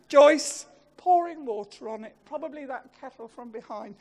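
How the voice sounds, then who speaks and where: A woman giving a funeral eulogy. She tells lively, self-mocking stories and laughs as she talks. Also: high-pitched, moderate pace.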